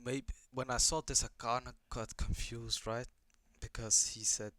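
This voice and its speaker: A man's voice: mid-range voice, flat delivery, a little slow, pushed and bright, no echo. A young man giving casual reaction commentary on an anime, swearing a lot, rambling and asking puzzled questions.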